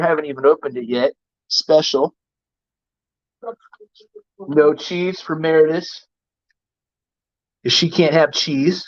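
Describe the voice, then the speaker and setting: A man hosting a live stream, telling an excited, rambling story in casual chat. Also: fairly high pitch, lo-fi sound. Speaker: livestream host.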